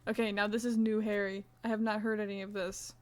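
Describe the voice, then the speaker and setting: A young woman with a medium-pitched voice speaks fairly quickly but with a flat delivery. She's live-streaming while she crochets, chatting playfully, reading viewers' messages aloud and counting stitches under her breath.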